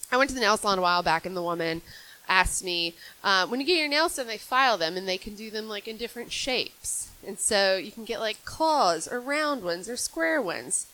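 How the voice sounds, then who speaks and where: A woman's voice: mid-range voice, bright, forceful tone, rough recording. A woman, doing a dry, self-deprecating stand-up set on a club stage. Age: 20s. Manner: dry, self-deprecating storytelling with acted-out quotes. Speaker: stand-up comedian.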